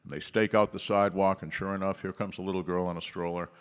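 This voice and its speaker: A man giving a speech at a policy conference, telling stories with forceful, punchy emphasis and pauses. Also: low-pitched, flat delivery, clear, resonant tone. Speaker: conference speaker.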